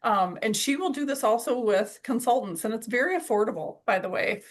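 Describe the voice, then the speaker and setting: A woman's voice: fairly high pitch, animated, a little fast. A woman leading a weekly sales team call, upbeat and encouraging as she recaps a coaching session. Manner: enthusiastic, encouraging.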